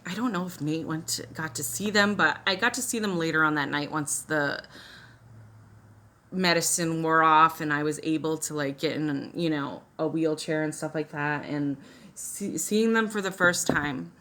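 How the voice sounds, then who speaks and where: Low, bright-voiced young woman vlogger. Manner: chatty, emotional, many fillers and restarts. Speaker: makeup vlogger. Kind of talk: casual personal storytelling.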